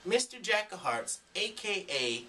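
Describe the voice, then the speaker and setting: Animated ranting man, high and bright. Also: a little slow, recorded from a distance, slight background noise. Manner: emphatic, preachy, profane. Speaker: vlogger. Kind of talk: ranting vlog monologue. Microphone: camera mic.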